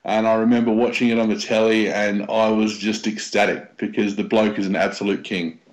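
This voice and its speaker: A man chatting casually on a podcast, rambling and pausing on fillers. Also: on the low side, level tone, poor audio. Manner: rambling with many ums. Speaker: podcast co-host. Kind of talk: casual chat.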